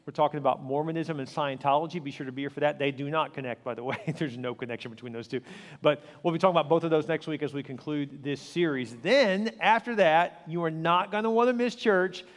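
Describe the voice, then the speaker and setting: A man's voice: a little high, fast talker, in a large hall. A man preaching a sermon as pastor of his church, telling stories earnestly and with emphasis.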